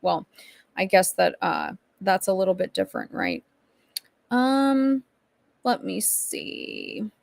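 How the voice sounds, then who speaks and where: A woman's voice: medium pitch, wildly swooping pitch, slow, creaky, pauses often, dry recording. A woman hosting a casual livestream, reading chat messages aloud and rambling through her commentary. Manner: chatty, rambling, reacts to chat. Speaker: streamer host.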